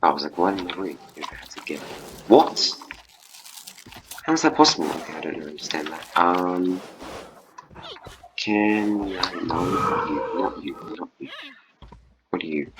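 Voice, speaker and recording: A man doing casual gameplay commentary as a let's play host, excitable and chatting to the animals in his game. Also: sits low, normal speed, long pauses, background noise.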